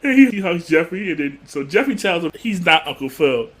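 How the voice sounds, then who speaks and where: A man's voice: fairly high pitch, very animated, brisk, fairly bright tone. A man co-hosting a podcast who casually retells a TV episode and acts out the characters' lines as he goes. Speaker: podcast co-host.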